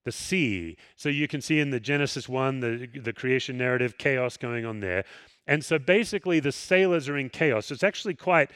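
Man preaching a lively conversational sermon. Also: mid-range voice, moderate pace, clear, resonant tone, no room sound, studio quality. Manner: conversational, animated storytelling with acted quotes. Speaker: pastor.

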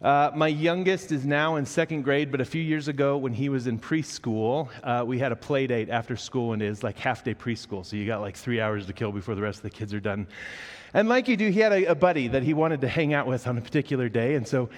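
A man in his thirties, a pastor giving a sermon, reading scripture and then telling a lively personal story about his son, acting out the children's lines. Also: mid-range voice, a little fast. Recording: long reverb of a large hall.

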